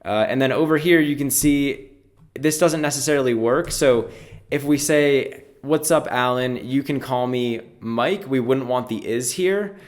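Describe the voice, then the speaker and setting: A male programming instructor with a medium-pitched voice talks through a coding tutorial. His delivery is relaxed and conversational. He explains each step aloud as he works. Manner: casual, explanatory, walks through steps aloud. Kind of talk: screen-recorded coding tutorial.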